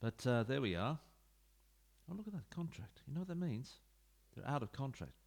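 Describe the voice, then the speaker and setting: Recorded through a computer desk mic at home, this man's mid-range voice sounds gravelly and a little mellow. He's very animated at a normal speed, a YouTuber rambling casually through a football management game and tossing asides to his viewers.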